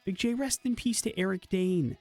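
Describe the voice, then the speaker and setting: A man's voice: high-pitched, normal speed, warm tone, faint music behind. A man from the Midwest hosting a morning radio show in a casual, rambling way, full of fillers and restarts. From American Midwest. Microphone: studio microphone.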